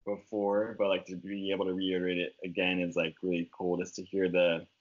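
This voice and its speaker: A man's voice: deep voice, level tone, a little fast. A man co-hosting a podcast, rambling in casual chat with lots of "like". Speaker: podcast co-host, musician. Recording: dull lo-fi sound.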